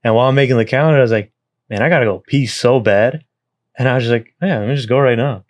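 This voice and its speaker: A young man co-hosting a podcast, telling stories in casual chat, animated, with frequent swearing and laughter. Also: mid-range voice, fast. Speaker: podcast co-host.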